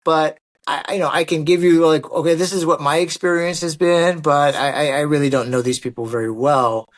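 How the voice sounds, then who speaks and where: A man telling a long anecdote as an interview guest, acting out quoted lines with lively energy. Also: fairly high pitch, a little fast. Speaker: guest, martial artist and actor. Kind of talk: storytelling in an interview.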